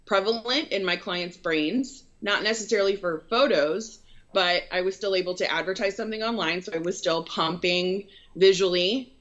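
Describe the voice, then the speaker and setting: In a dull, lo-fi recording, a female photography business owner rambles earnestly through her story in a casual interview, using many fillers. Her voice is medium-pitched and a bit bright, at a normal speed.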